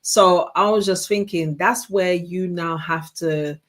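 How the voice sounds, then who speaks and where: A woman in her forties, co-hosting a chat show with her husband, telling an animated story and acting out what people said. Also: on the low side, slow pace. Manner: animated storyteller, acts out quotes. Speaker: co-host, pastor's wife.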